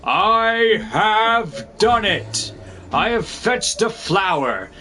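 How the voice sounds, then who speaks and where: A hulking stone creature, put on by a man speaks in loud, slow, childlike bursts, pitched up high. It sounds eager and naive. Game music plays steadily behind the voice. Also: very animated, full character voice. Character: huge gentle rock creature, naive and eager. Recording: music playing underneath.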